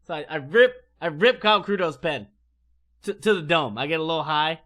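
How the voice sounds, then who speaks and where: Bright, animated, foul-mouthed male streamer. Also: a little high, brisk. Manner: animated, profane, rambling. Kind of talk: casual storytelling.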